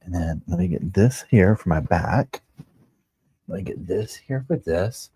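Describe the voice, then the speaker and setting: A man hosting a casual livestream, chatting to viewers in a quiet, hushed voice at home on a wireless microphone. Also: low voice, animated, measured pace, husky, no echo. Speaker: livestream host. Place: at home with neighbors next door.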